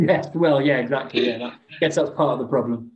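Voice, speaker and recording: A man's voice: mid-range voice, a little fast, lo-fi sound. Rambling man in an echoey room. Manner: rambling, frequent restarts and fillers. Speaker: podcast co-host. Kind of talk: casual podcast chat. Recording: roomy echo.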